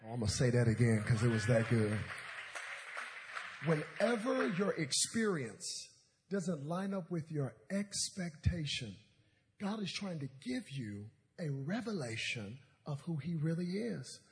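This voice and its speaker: A man's voice: fairly high pitch, sing-song, a little slow. A male pastor in his thirties preaching a sermon in a church auditorium, telling comedic stories with call-and-response.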